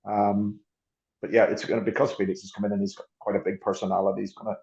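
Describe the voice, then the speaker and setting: A man's voice: on the low side, flat delivery, fast, creaky, a little mellow, highs cut off. A man who coaches rugby, talking through ideas as a podcast guest, often restarting and repeating words as he thinks. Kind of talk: podcast discussion.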